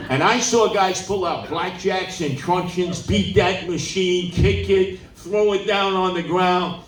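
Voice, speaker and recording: A man, telling animated stories at a campaign town hall and acting out the people in them. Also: high voice, slow, recorded from a distance, some chatter behind, slight background noise. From New York City. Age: 70s. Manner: animated storyteller who acts out quoted people. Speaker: political candidate at a town hall. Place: large indoor meeting room. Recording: roomy hall, voice off-mic.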